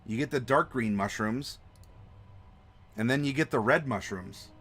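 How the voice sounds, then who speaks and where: A man hosting a live map-design stream, chatting to viewers in an animated, playful way. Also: mid-range voice, a little slow, breathy edge. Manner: animated, playful, talks to chat. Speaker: host.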